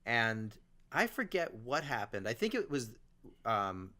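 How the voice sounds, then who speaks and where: Here a man of medium pitch speaks a little slowly as he hosts a podcast. Chatting casually, he works through a long personal story with animation, briefly performing the people he quotes.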